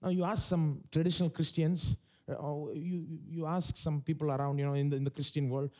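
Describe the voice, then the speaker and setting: A man's voice: on the high side, fairly quick, mellow. A man preaching a sermon to a live church congregation, emphatic, putting rhetorical questions to the listeners and acting out quoted voices. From India. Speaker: pastor. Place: large church service.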